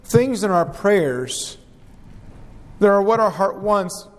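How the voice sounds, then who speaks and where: A man preaching an earnest, measured sermon and reading scripture aloud. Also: sits high, expressive, long reverb tail.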